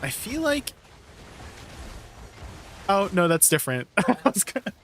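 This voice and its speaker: A man live-streaming, chatting casually with his viewers, playful and quick to laugh. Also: high-pitched, sing-song, a bit bright, a little hiss or hum. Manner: playful, laughs often, talks to chat.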